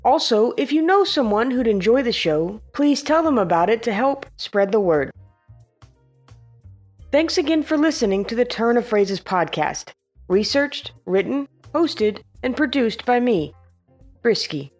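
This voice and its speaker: A woman's voice: fairly high pitch, animated, unhurried, darkish tone, faint music behind. A woman hosting a podcast, talking in a playful, self-mocking way. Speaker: podcast host. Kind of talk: scripted podcast outro and blooper chat.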